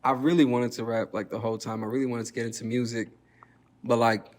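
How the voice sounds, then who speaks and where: A man who raps, a guest on a casual podcast, telling stories in a relaxed way. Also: medium pitch, fast. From Milwaukee. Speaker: guest rapper. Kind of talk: casual chat.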